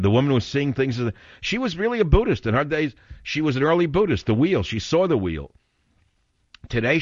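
A man's voice: lowish voice, no room sound, dull audio. An older man hosting a talk radio show, telling rambling stories in an exasperated tone.

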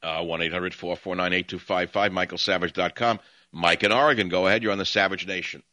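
A man's voice: sits low, steady tone, moderate pace, sharp tone, dry recording, dull audio. A man hosting a call-in talk radio show, ranting combatively at his callers in long monologues. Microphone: studio mic.

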